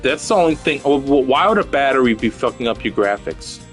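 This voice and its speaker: Male streamer, casual gaming chat, rambling, swears a lot, lively pitch. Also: fairly quick, soft background music.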